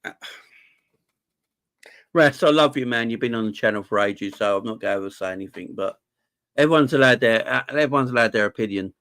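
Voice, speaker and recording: A man's voice: mid-range voice, normal speed, pauses often, a bit bright. Passionate man ranting on a fan stream. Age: adult, married with kids. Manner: passionate, emotional, repeats himself. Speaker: fan channel host. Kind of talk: live-stream football fan chat.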